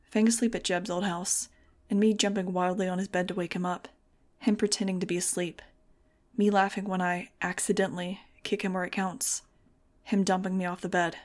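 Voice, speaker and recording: A woman's voice: fairly low pitch, little pitch movement, moderate pace. Woman narrating an audiobook. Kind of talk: scripted first-person narration.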